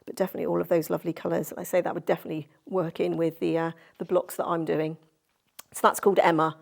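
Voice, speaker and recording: A woman's voice: on the low side, little pitch movement, quick pace, vocal fry. A woman presenting a quilting tutorial in a sewing studio, chatty and effusive as she gushes over fabrics. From Cornwall, England. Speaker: sewing instructor.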